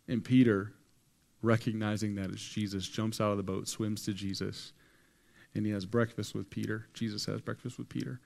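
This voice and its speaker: A man preaches a sermon with a low-pitched voice. He tells the story in a lively, casual way, using slang and acting out what people say to his congregation in a church hall. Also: moderate pace, gravelly. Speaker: pastor.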